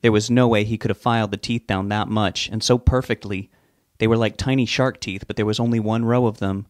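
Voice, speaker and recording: A man reading a novel aloud in a measured, steady way. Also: lowish voice, no room sound, clean studio sound. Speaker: narrator. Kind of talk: audiobook narration.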